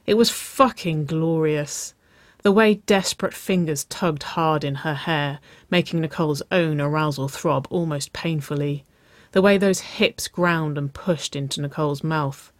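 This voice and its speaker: A narrator reading romance fiction aloud with slow, lingering expression. The voice sits at a middle pitch. The recording is dry and close. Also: no room sound.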